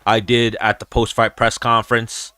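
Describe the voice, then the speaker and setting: With no room sound in the recording, a young man runs a casual livestream, his lowish voice pushed and bright, with little pitch movement and a moderate pace. He's a profane, meandering storyteller who breaks into impressions.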